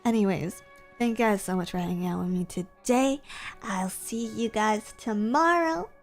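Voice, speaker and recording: A woman's voice: mid-range voice, moderate pace, soft background music. A young woman streamer chatting casually with her viewers at the end of a stream, bubbly and playful. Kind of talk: casual stream outro chat.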